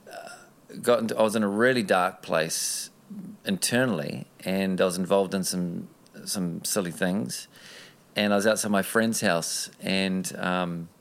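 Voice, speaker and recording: A man's voice: on the low side, gravelly. A man, an interview guest telling a personal story in an earnest, rambling way with many restarts.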